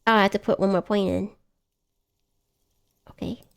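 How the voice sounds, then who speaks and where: Chatty and exclamatory, this woman streams a game live and teases herself as she gets lost. Her voice sits at a medium pitch and stays steady in tone, moving at a normal speed with some creak, and the recording is clean.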